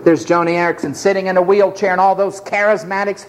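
A man preaching a sermon, impassioned, swinging between shouted lines and low murmurs. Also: fairly even intonation, moderate pace, few pauses, slight background noise, rough recording.

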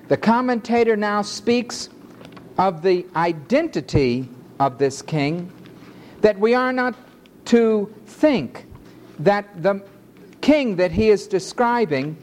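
A male preacher delivering an emphatic sermon in a measured cadence, stretching his phrases out. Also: high-pitched, lively intonation, darkish tone, a little hiss or hum.

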